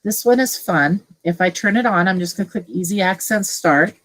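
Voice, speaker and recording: Chatty woman teacher, lowish voice. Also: normal speed, fairly bright tone, rough recording. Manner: casual, chatty, thinking aloud with fillers. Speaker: teacher leading a tech training session. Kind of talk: screen-share tutorial for colleagues.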